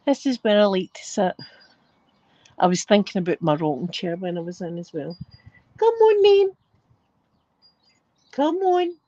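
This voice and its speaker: A brisk, darkish, lower-pitched voice belongs to an older Scottish woman chatting cheekily at home as the channel's host. She sounds short of breath, and the slightly dull recording has a lo-fi quality.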